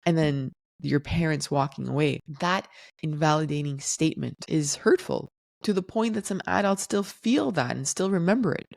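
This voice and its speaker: A woman hosting a solo podcast, explaining things in a calm, teaching tone. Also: low-pitched, normal speed, creaky, dry recording, studio quality. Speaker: podcast host.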